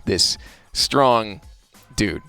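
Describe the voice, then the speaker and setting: A man, a voice actor being interviewed, talking in a chatty, relaxed way with many restarts. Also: fairly low pitch, drawn-out words, creaky, clean tone, faint music behind. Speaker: voice actor guest.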